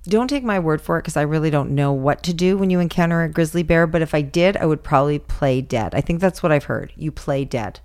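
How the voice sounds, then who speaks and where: A woman's voice: deep voice, expressive, fairly quick, hardly any pauses, darkish tone. A middle-aged woman, a mother chatting easily with her daughter. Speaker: co-host, mother. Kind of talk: casual family chat.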